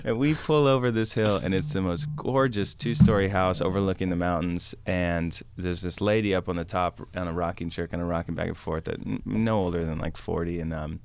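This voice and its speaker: Brief: male podcast guest, deep voice, rambling anecdotal storyteller. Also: steady tone, fairly quick, vocal fry, few pauses, a little hiss or hum. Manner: rambling, lots of fillers and acted quotes. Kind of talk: casual storytelling.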